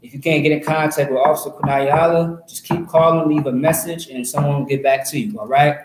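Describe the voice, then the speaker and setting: Man reading scripture slowly in echo. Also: fairly high pitch, fairly even intonation, background noise. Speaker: scripture reader in class. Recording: echoey room.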